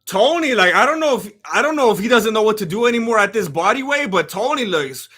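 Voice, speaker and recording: Male live-stream fight host, high and bright, excitable and rambling. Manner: excitable, rambling, many restarts, bursts of shouting. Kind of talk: casual live commentary.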